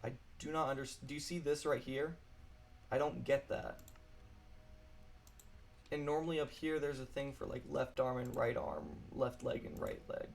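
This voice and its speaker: A man's voice: mid-range voice, expressive, moderate pace, creaky, long pauses, a little mellow, a little hiss or hum. A man chatting casually while streaming a game alone at his computer, apologetic and rambling.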